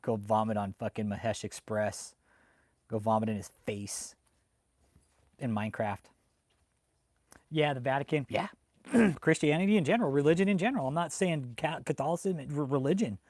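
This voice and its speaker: A man hosting a livestream who rants heatedly, swears often and bursts out loudly as he talks to his chat. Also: medium pitch, moderate pace, long pauses, no echo. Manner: heated and swearing, with loud outbursts. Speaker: livestream host reading chat. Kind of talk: profane ranting live commentary.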